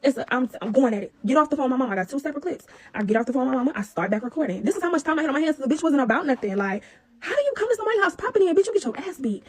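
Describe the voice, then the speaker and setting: Young woman telling a story to camera, talks super fast, kinda high voice, blunt and animated. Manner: animated and blunt, heavy profanity. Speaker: vlogger.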